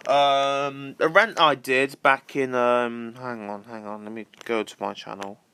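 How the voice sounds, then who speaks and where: A man's voice: medium pitch, level tone, measured pace, pushed and bright, smooth. A man ranting casually to camera, repetitive and swearing freely. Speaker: vlogger.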